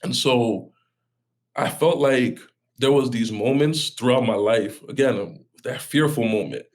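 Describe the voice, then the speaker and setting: A man's voice: mid-range voice, unhurried. Earnest man telling a heartfelt story. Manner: earnest, heartfelt, talks in run-on bursts with many restarts. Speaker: podcast guest, pastor. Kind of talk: personal storytelling in a podcast interview.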